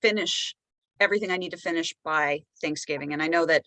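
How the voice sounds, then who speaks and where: A woman's voice: low-pitched, fast talker, sharp tone, no echo, rough recording. A woman on a panel discussion, upbeat and enthusiastic, speaking over a video call. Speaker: panelist, mystery writer.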